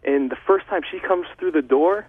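A man's voice: a little high, moderate pace, breathy edge. Young male guest over a thin phone line, earnest, emotional testimony. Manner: earnest and emotional, loose with fillers. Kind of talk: heartfelt faith testimony.

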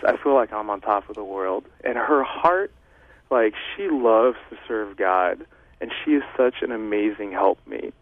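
A man's voice: mid-range voice, dry recording. A young man speaking as a guest, sharing an earnest, emotional faith testimony with plenty of fillers. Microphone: phone. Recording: tinny phone line.

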